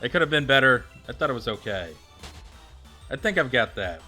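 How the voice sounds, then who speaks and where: A man's voice: medium pitch, big pitch swings, fairly quick, sharp tone, faint music behind. A man streaming and chatting casually with viewers, rambling with plenty of fillers and answering them by name. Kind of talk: casual livestream chat.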